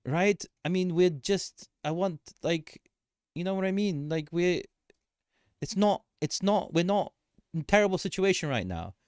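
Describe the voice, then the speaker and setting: A man hosting a casual market commentary livestream, animated and joking, often repeating himself and laughing. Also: high-pitched, unhurried, clear, resonant tone, no room sound, studio quality. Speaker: livestream host.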